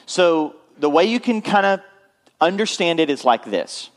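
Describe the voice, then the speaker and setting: A man's voice: on the high side, big pitch swings, unhurried. Male pastor, conversational sermon delivery, frequent check-ins with the congregation. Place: church.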